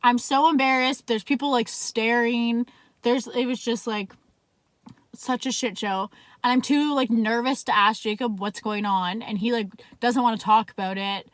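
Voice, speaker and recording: Young woman vlogger, slightly high pitch, dry sound, casual storyteller who swears freely. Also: fairly even intonation, normal speed, no room sound. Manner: chatty, swears a lot, heavy use of "like".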